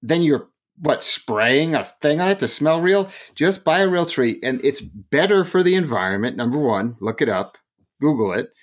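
A young man co-hosting a casual podcast, telling stories in a lively, jokey way. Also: fairly high pitch, moderate pace. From rural area. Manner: animated, jokey, lively storytelling. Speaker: podcast co-host.

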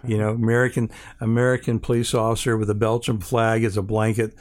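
A man's voice: fairly low pitch, flat delivery, a little fast. An older man from Hawaii, an interview guest telling a rambling anecdote with many restarts and fillers, acting out the other people's lines as he goes.

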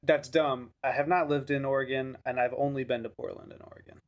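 A man's voice: medium pitch, steady tone, a little fast. A man co-hosting a podcast in casual chat, joking around and laughing often. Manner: joking, laughs a lot, loose filler-heavy talk. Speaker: podcast co-host.

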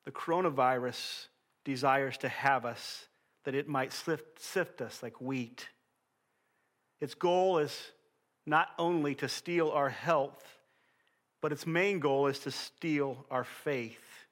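A man preaching a sermon as pastor, reading scripture aloud in an earnest voice, often falling soft at the end of a phrase. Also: mid-range voice, slow.

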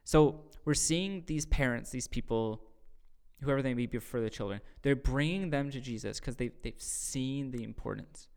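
A man hosting a casual faith discussion, explaining a scripture passage earnestly and acting out quoted voices in loud bursts. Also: medium pitch, moderate pace, vocal fry, smooth. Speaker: podcast host teaching scripture.

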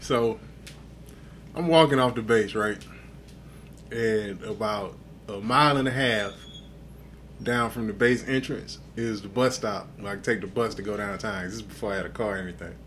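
A man's voice: fairly low pitch, normal speed, pauses often, fairly bright tone, slight background noise. A man co-hosting a podcast, tipsy and telling a profane story with lots of acted-out dialogue. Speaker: podcast co-host. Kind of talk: casual drunk storytelling chat.

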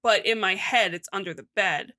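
Bright-voiced woman recapping with wry asides. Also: medium pitch, normal speed. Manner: animated storytelling with wry asides and swearing. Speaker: podcast co-host recapping a horror story. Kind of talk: casual chat.

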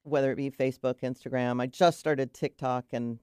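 A woman's voice: rumbling low, fairly even intonation, fairly quick, darkish tone, smooth, dry recording. Middle-aged woman telling easygoing stories, dry sound. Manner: chatty storyteller, trailing restarts. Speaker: guest, cold-water swimmer. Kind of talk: casual radio chat.

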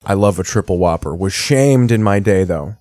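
A man's voice: low voice, expressive, moderate pace, darkish tone, no echo, studio quality. A man in his thirties doing casual, profane, rambling commentary while reacting to TV. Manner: rambling, sardonic storytelling. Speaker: streamer reacting to TV.

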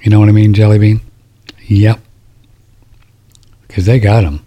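A man's voice: lowish voice, level tone, a little slow, warm tone. A middle-aged man hosting a talk radio show, rambling and indignant as he reads listener emails and restarts his sentences. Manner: rambling, indignant, repeats himself.

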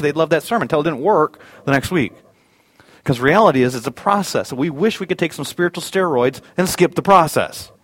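A male pastor giving a sermon, switching between quiet reflection and animated storytelling where he acts out his wife's high shouts. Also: no echo.

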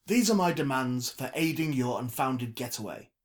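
A man's voice: mid-range voice, animated, moderate pace, natural voice. A man reading a story aloud, voicing a pompous, grandiloquent man who talks in flowery archaic phrases.

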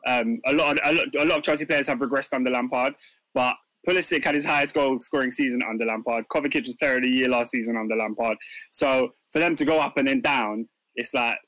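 A man's voice: mid-range voice, quick pace, fairly bright tone, no room sound, rough recording. A man hosting a casual football podcast, earnest and hesitant, often restarting his sentences. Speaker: podcast host.

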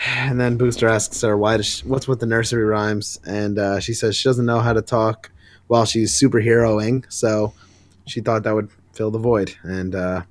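A man's voice: lowish voice, normal speed, dry recording. A man co-hosting a podcast, casually recapping a comic book with laughs and exasperated asides. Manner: animated retelling, laughs often, exasperated asides. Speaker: podcast co-host.

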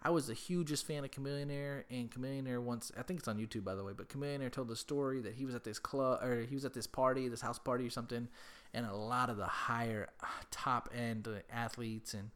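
A man's voice: mid-range voice, fast talker, fairly bright tone. A young man hosting a casual chat, rambling through a story with lots of swearing and repeated words.

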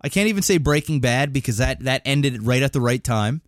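A man co-hosts a podcast in casual chat, cursing freely and rambling through animated stories. His pitch is mid-range and the sound is dry and close, with no room echo. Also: a little fast. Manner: profane, rambling, animated storytelling. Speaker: podcast co-host.

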